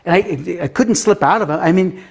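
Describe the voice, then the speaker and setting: A man in his fifties from Denver, USA, with a high-pitched, gravelly voice, speaks briskly. He's a guest author in an interview, telling a story animatedly, acting out the voices of the people he quotes and using filler words.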